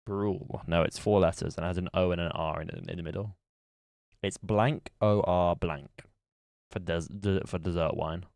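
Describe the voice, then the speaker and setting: Brief: male streamer, very low voice, dry close sound, casual thinking-aloud chat. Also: steady tone, moderate pace, creaky, darkish tone, dry recording. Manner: musing aloud while playing a guessing game.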